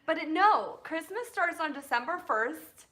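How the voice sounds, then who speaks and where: A woman's voice: high-pitched, expressive, a little slow, fairly bright tone. A woman from California in her thirties hosting a casual live chat, bubbly and laughing often, filling her talk with "like". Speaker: host. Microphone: phone.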